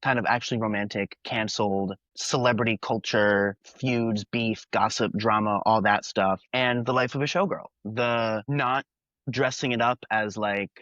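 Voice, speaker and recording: A man's voice: lowish voice, fairly even intonation, measured pace, fairly bright tone, no room sound, lo-fi sound. A young man hosting a podcast, chatting earnestly and at length about an album's songs and themes. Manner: earnest, talkative, quotes lyrics in character. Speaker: podcast host. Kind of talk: casual music review chat.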